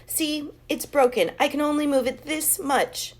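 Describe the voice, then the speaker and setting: A woman voicing a whiny, dramatic little schoolgirl in a storybook with a shrill, squealing voice. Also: measured pace.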